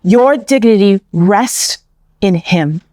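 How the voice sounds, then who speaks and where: A woman's voice: medium pitch, expressive, takes it slowly, warm tone, no echo. A middle-aged woman with a New York accent giving an inspirational faith talk, emphatic and repetitive with a preacherly cadence. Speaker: Catholic speaker.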